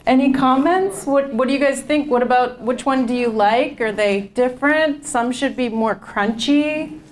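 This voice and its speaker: A woman's voice: high-pitched, normal speed, a little hiss or hum. A woman leading a nutrition class, talking informally to a group and repeating their comments back to them. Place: community class room.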